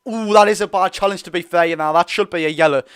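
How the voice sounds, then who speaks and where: A young man with a Geordie accent hosting a live football watch-along, chatty and excitable, bursting into loud reactions. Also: high voice, quick pace, clear, resonant tone. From North East England. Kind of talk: live fan commentary.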